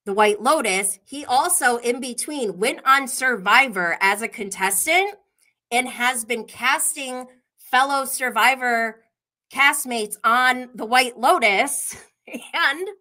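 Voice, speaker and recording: Slow-talking bright-voiced woman host. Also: a little high. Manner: chatty, laughs often, gossipy storytelling. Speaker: podcast host. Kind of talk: casual livestream chat.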